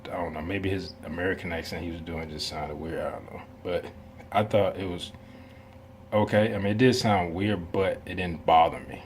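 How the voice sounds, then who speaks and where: A man's voice: sits low, steady tone, moderate pace, a little hiss or hum. A man hosting a reaction video, talking in a casual, rambling way with many asides and some laughs.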